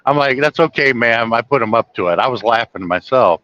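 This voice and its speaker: A middle-aged man from the United States casually telling anecdotes, chuckling often and getting animated when he quotes other people. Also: medium pitch, brisk, few pauses, dry recording, muffled recording. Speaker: trucker telling stories. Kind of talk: casual storytelling monologue.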